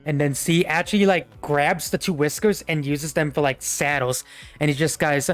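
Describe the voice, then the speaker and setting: A man's voice: a little high, fairly even intonation, moderate pace, faint music behind. A young man narrating a tabletop game as game master, rambling with many fillers.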